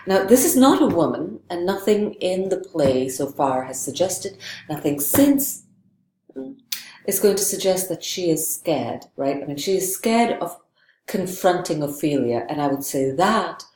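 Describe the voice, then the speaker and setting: A woman's voice: fairly low pitch, very animated, unhurried, darkish tone, roomy sound, a little hiss or hum. A woman giving a literature lecture, thoughtful and digressive, often checking in with "right?". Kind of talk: recorded lecture.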